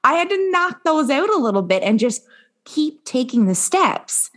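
A woman's voice: high voice, sing-song, normal speed. A woman hosting a podcast interview, telling her own setbacks in an earnest, reflective way. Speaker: podcast host and women's coach. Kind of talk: conversational interview.

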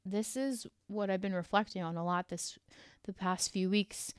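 A woman's voice: mid-range voice, fairly even intonation, normal speed, clear, resonant tone, no room sound, studio quality. A woman hosting a solo motivational podcast, talking in an earnest, heartfelt way with casual fillers. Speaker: podcast host.

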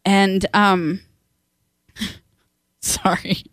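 A woman co-hosting a casual book discussion at home, retelling scenes with quick quoted voices and frequent laughs. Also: medium pitch, flat delivery, a bit bright, dry recording, studio quality. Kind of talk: casual chat.

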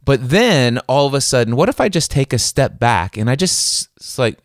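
A man's voice: mid-range voice, very animated, normal speed, no echo, clean studio sound. A man as an interview guest, earnestly explaining self-awareness, often repeating words as he talks. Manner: earnest, repeats words and acts out his inner voice. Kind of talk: reflective self-help talk.

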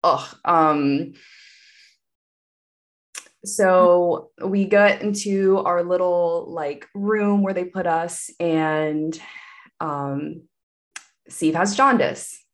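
A woman's voice: lowish voice, very slow, long pauses. A woman guest telling a personal story in conversation, candid and meandering, with many asides.

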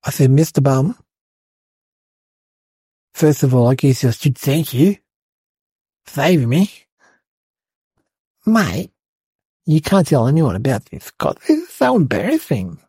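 A man's voice: medium pitch, big pitch swings, unhurried, long pauses, mellow, breathy edge, dry recording, exaggerated voice. A man doing a rambling Aussie schoolboy. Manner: breathless rambling storyteller, lots of "like" and "guys". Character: cheeky young schoolboy, excitable and rambling. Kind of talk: comedic storytelling.

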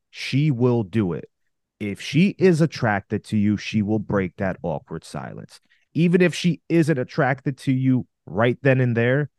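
A man's voice: on the low side, darkish tone, no room sound, studio quality. A man co-hosting a podcast, giving blunt, commanding dating advice to male listeners. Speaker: dating coach podcast co-host. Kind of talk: confident advice talk.

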